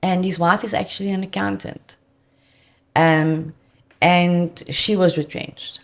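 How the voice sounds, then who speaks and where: Gravelly-voiced South African woman. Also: fairly low pitch, slow. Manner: earnest, animated client anecdotes. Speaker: debt counsellor guest. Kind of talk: conversational storytelling.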